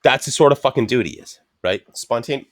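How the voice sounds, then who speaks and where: A man's voice: mid-range voice, animated, brisk, no room sound, clean studio sound. A man co-hosting a podcast in casual chat, telling rambling anecdotes full of swearing and acting out what others said. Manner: acts out quoted speech of others. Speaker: podcast co-host.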